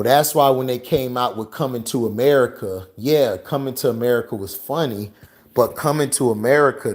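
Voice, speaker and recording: Man, mid pitch, unhurried, salty and chuckling, off-the-cuff monologue. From St. Petersburg, Florida. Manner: loose and profane, laughs between remarks. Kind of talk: casual monologue.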